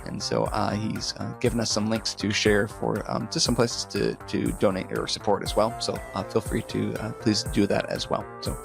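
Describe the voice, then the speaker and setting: A man's voice: on the low side, level tone, moderate pace, vocal fry, few pauses, music in the background. A man hosting a tech podcast, chatty and upbeat as he introduces and questions the guest. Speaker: podcast host. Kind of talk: casual podcast chat.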